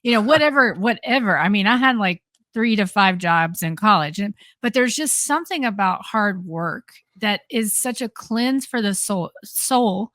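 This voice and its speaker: A woman podcast host muses aloud in long, thoughtful sentences at an ordinary middle pitch. She talks in a casual, reflective way. The recording is dry and close. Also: expressive, moderate pace, few pauses, a bit bright, no room sound. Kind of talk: casual interview chat.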